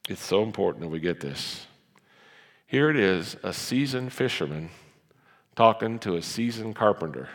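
Gravelly animated preacher in a church hall. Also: male voice, on the low side. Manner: animated, acts out Bible voices, conversational. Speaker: pastor. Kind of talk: sermon.

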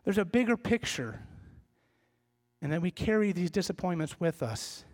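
A man's voice: high voice, normal speed, a little mellow. A middle-aged man preaching a sermon as pastor, conversational and self-deprecating, acting out the voices of the people he describes. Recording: reverberant church hall.

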